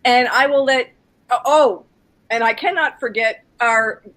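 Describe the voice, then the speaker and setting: A woman moderating a live online session, introducing the other members in an unhurried way. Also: fairly high pitch, fairly bright tone.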